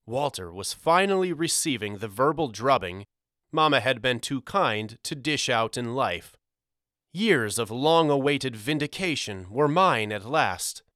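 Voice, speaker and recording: A man narrating a storybook audiobook in a measured, expressive reading. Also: medium pitch, dry recording, clean studio sound.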